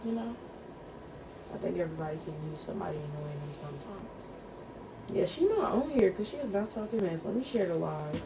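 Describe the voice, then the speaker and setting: A woman's voice: on the low side, expressive, fairly quick, vocal fry. A young woman getting her hair braided tells playful stories in a casual livestream chat, often breaking into giggles. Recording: echoey room with faint background noise.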